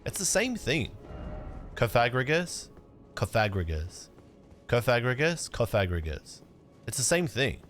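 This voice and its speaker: A man's voice: medium pitch, very animated, normal speed, fairly bright tone, soft background music. A young man chatting casually on a livestream while gaming, laid-back and rambling, cursing now and then. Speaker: streamer.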